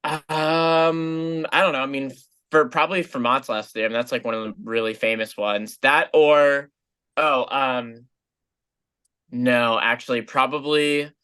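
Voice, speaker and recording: A man being interviewed as a guest over a video call, answering in a relaxed way with many hesitations and easy laughs. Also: mid-range voice, a little slow, smooth. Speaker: guest musician.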